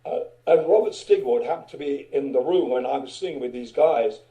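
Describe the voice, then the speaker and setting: Older male guest, very dark mellow voice, rambling storyteller, roomy echo. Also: medium pitch, a little fast. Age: 70s. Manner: rambling, many fillers. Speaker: guest singer. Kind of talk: casual storytelling. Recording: echoey room.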